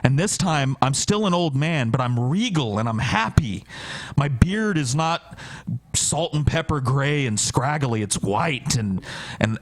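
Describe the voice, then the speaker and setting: A man telling a wild story on a podcast, casual and profane, often laughing through it. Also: medium pitch. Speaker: podcast guest.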